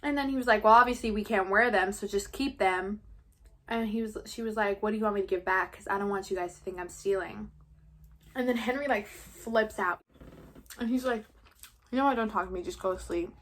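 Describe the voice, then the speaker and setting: A woman's voice: medium pitch, brisk, a bit bright. Chatty teenage girl gossiping through a story recap. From New York. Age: late teens. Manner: chatty, gossipy retelling with playful swearing. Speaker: vlogger. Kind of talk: casual story recap during a mukbang.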